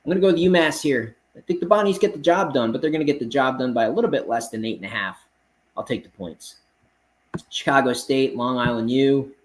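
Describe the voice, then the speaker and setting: On a poor-quality recording, a man with a medium-pitched voice talks fairly quickly as he hosts a casual sports betting picks show. He fires through the games in a confident, blunt, brash monologue and keeps addressing his listeners as "man."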